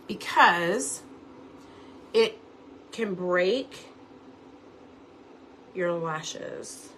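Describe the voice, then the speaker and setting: A makeup seller and beauty teacher gives a chatty live tutorial from home, walking viewers through each step and speaking to them directly. Her mid-range voice is pushed and bright, with slight background noise.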